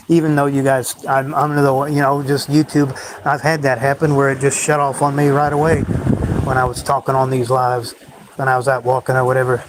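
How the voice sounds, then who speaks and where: A man's voice: medium pitch, flat delivery, normal speed, noisy background. A man hosting a solo livestream, rambling in a brooding, bitter way about life. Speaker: livestream host.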